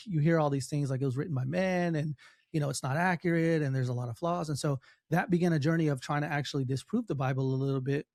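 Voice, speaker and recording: A man's voice: mid-range voice, a little mellow, no echo. Earnest man, dry close sound. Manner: earnest, frequent restarts and fillers. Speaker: podcast guest, documentary filmmaker. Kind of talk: casual interview talk.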